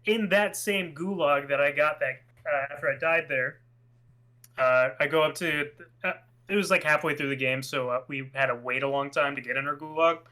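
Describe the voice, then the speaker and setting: Bright, animated young man on a podcast. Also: a little high, normal speed. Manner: animated storyteller, acts out voices in his anecdotes. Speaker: podcast co-host. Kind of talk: casual chat.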